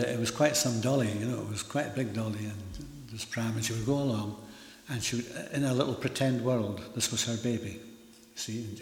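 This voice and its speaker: A man, preaching a sermon earnestly and with emphasis. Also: mid-range voice. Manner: earnest, emphatic, with rising and falling loudness. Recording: echoey hall.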